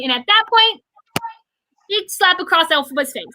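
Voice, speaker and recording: Bright, high-voiced young woman. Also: a little hiss or hum, poor audio. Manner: quick, excited recounting with many fillers. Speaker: guest, theater fan. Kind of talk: casual livestream chat.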